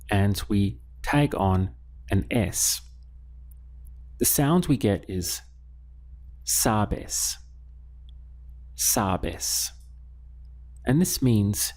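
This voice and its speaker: Male teacher, slow and patient, lowish voice, repeats phrases for learners. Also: lively intonation, darkish tone. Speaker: Spanish teacher. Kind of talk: spoken language lesson. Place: lives in Latin America.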